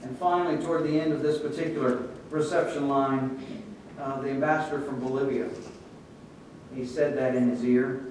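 Preacher in a very echoey church. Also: male voice, fairly even intonation, moderate pace, darkish tone. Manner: conversational storytelling with quoted voices. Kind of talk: sermon. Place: church sanctuary. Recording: echoey church room, distant mic, faint rumble.

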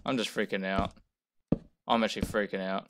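A man's voice: sits low, fairly even intonation, normal speed, background noise. Jittery young man narrating his gameplay. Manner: jumpy, talks himself through his fear, swings from muttering to yelling. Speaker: gamer playing a first session. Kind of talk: casual let's-play commentary.

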